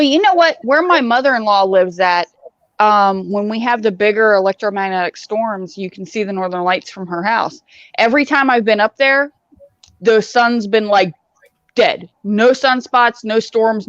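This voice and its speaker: A woman's voice: medium pitch, normal speed, no room sound, highs cut off. A woman co-hosting a podcast in casual chat, playful and chatty. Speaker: podcast co-host.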